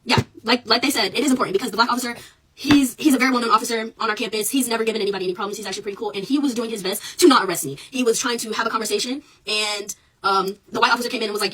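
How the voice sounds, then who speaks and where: Rapid-talking young woman on a phone. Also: fairly high pitch, fairly bright tone, slightly rough, distant mic, low-quality recording. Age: young adult. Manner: rapid, emphatic, raises voice when reliving the clash. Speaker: student telling her story. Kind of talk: casual social media recording. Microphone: phone camera.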